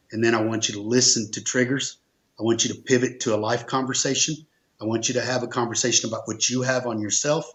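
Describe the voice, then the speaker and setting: A man's voice: lowish voice, a bit bright. Earnest man telling a business story. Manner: earnest, emphatic, repeats phrases for stress. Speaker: insurance agency owner, guest. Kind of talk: conversational storytelling.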